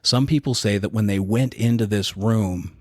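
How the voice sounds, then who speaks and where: A man co-hosting a podcast, casually retelling a dark historical story in a relaxed, conversational way. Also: lowish voice, normal speed, dry recording, clean studio sound. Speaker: podcast co-host.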